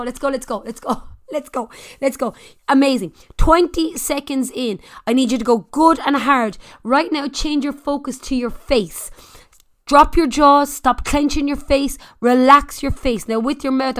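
High-voiced energetic spin instructor woman. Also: moderate pace. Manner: energetic, shouts counts and encouragement; jokey, swears casually. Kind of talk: fitness class coaching.

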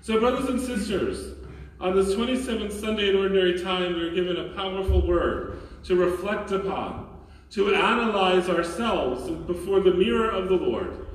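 Priest preaching in an echoey church. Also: male voice, high voice, recorded from a distance. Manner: earnest, questioning, emphatic with dramatic pauses. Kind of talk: sermon. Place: large church.

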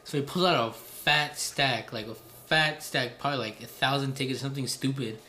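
A young man from Southern California tells a story to his friends in an animated, laughing way. His voice sits in the middle range for a man, and a light hiss of background noise sits under it. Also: medium pitch, brisk. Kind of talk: casual storytelling among friends.

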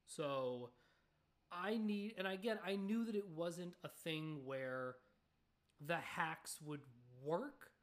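A woman's voice: fairly low pitch, slow. A young adult woman hosting her own podcast in a casual, rambling chat, full of fillers and friendly asides. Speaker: podcast host.

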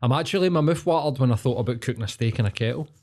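A man's voice: mid-range voice, very fast, a little mellow. A middle-aged man with a broad Glaswegian Scottish accent, chatting casually. He tells sweary, rambling anecdotes and laughs along as he goes. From Glasgow, Scotland. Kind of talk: casual podcast chat.

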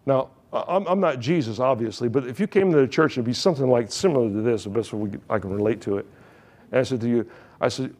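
A pastor preaching a sermon, reading scripture and retelling it with joking asides. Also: male voice, medium pitch, fast talker, a little mellow.

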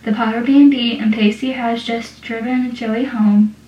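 A woman's voice: fairly high pitch, steady tone, normal speed, mellow, muffled recording. A young adult woman casually recapping a TV episode, chatty and giggly as she reads scene dialogue aloud. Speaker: podcast host recapping a TV episode. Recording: roomy sound, distant mic.

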